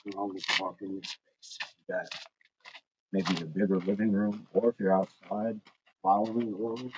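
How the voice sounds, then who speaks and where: Deep-voiced upbeat fitness livestream host. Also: male voice, steady tone, normal speed, lo-fi sound. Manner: upbeat, encouraging, greets viewers by name; walking in place while talking. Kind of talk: casual livestream chat while exercising. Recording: noisy livestream audio.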